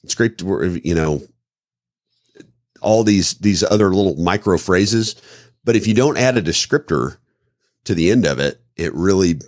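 A man's voice: low-pitched, expressive, a little slow, pauses often, a little mellow, no echo, clean studio sound. A man from the Midwest co-hosting a podcast, explaining self-defense phrasing with acted-out examples. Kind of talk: casual podcast talk.

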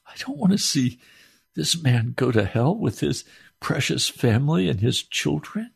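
A man's voice: fairly high pitch, sing-song, a little slow, creaky, slightly rough. A preacher delivers an impassioned sermon. He pleads with his listeners and sounds close to tears. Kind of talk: emotional sermon.

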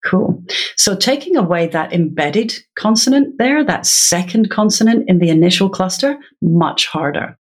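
A woman's voice: medium pitch, animated, moderate pace. A woman guest in an interview, patiently explaining in a teacherly way and laughing now and then. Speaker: literacy educator guest.

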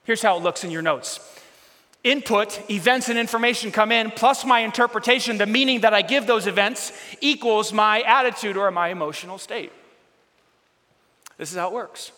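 High-voiced guy preaching, gets loud then drops soft, big echoey church hall. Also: moderate pace. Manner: animated, swings between loud emphatic bursts and low quiet storytelling. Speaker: pastor. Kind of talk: sermon. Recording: long hall reverb.

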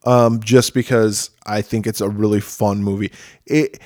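Relaxed man rambling about movies. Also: fairly low pitch, measured pace, no echo, studio quality. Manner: rambling, enthusiastic film talk. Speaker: podcast co-host. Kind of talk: casual chat.

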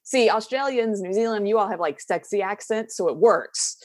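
A woman's voice: mid-range voice, moderate pace, no echo. A woman from the southern United States with a Southern accent, a podcast guest talking casually and candidly, laughing often and trailing off into fillers.

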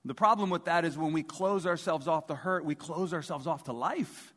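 A man's voice: on the high side, normal speed, few pauses, fairly bright tone. A male pastor preaches in a conversational style, throwing rhetorical questions out to his congregation. His voice sits a bit above the usual male range and rings with the long echo of a big hall. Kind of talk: sermon. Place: large church hall before a congregation. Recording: long reverb of a large hall.

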